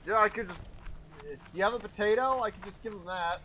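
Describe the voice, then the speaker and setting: Male streamer, upper-mid pitch, bouncy delivery, crude self-deprecating humor, game noise in the mix. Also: fairly quick, sharp tone. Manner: joking, profane, self-mocking. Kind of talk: casual game commentary.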